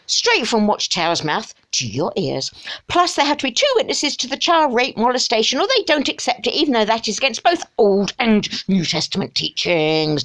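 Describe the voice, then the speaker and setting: A woman's voice: fairly high pitch, lively intonation, normal speed, a bit bright. A middle-aged woman delivering an emotional, exasperated rant to camera, with sighs and mocking asides. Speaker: vlogger.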